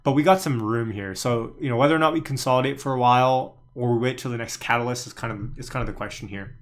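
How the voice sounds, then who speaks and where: A man's voice: medium pitch, quick pace. A man hosting a live trading stream, chatting casually through market commentary and answering viewers as he thinks aloud. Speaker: livestream stock trading host.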